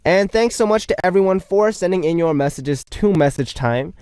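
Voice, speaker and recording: A man's voice: high-pitched, expressive, normal speed, a little mellow, clear, resonant tone, no echo. A young man hosting a radio show, reading out listener messages in a playful, chatty way and joking about himself.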